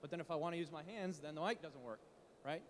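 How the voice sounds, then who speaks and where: A man speaking at a conference, coaching founders on pitching in an animated way, full of rhetorical questions. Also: quick pace, long reverb tail, slight background noise. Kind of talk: startup pitch talk. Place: conference stage in a large hall. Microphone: handheld mic.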